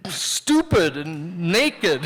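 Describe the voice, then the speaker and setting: A man with a fairly high voice tells a personal story before a live theater audience. He is candid and self-mocking, speaking in a loose, conversational way that doubles back and restarts. The telling feels unscripted and personal. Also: big pitch swings, extremely slow, background noise.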